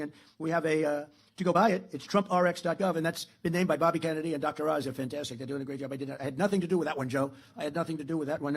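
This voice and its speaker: A man's voice: on the high side, gravelly, breathy edge. A man giving a public political speech in a rambling, boastful way, often repeating himself.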